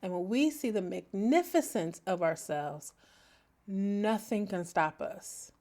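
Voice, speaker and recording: A woman's voice: mid-range voice, takes it slowly. A middle-aged woman hosting her own podcast, talking reflectively and expressively. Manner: expressive, animated, breaks into laughter and sings snatches. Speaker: podcast host. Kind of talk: reflective solo podcast talk.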